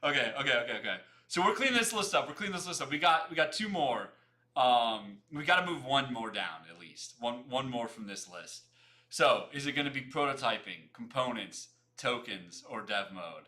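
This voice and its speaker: A young man hosting a casual livestream, talking fast, repeating himself and greeting viewers by name as he chats. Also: mid-range voice, expressive, pushed and bright. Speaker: livestream host.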